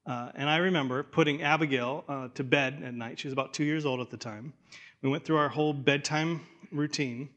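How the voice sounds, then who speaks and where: A man's voice: mid-range voice, moderate pace, fairly bright tone. A man in his thirties preaching an earnest, emotional sermon, with stumbling restarts and a voice that grows tender. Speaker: pastor.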